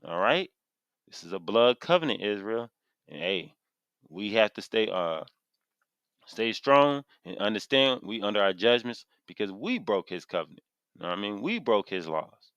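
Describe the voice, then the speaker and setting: A man's voice: on the low side, sing-song, moderate pace, fairly bright tone, smooth, no echo, muffled recording. Fired-up preaching man, dry close sound. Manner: impassioned, preachy, reads verses aloud then repeats them with emphasis. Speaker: street preacher teaching scripture. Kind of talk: fiery scripture sermon to camera. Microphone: camera mic.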